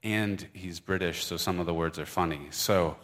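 Man pastor with a Michigan accent, low-pitched, informal and earnest from the pulpit. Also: normal speed, a bit bright, slight background noise. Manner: conversational, earnest, with fillers and restarts. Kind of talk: sermon. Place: church service. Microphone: microphone.

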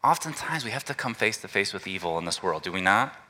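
A male pastor preaching a relaxed, conversational sermon and inviting the congregation to call out answers. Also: fairly low pitch, quick pace, in a large hall. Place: church sanctuary.

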